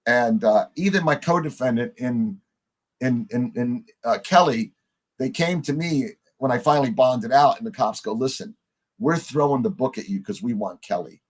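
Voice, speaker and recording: A man, a podcast guest, telling long stories in a relaxed conversational way and acting out the other people's lines himself. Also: mid-range voice, normal speed. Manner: animated storyteller acting out quoted voices. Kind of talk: conversational storytelling.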